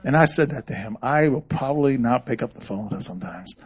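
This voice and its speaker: A man's voice: medium pitch, fairly quick, breathy edge. A man preaching a sermon as a pastor, telling stories and acting out quoted voices with animation. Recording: muffled lo-fi sound.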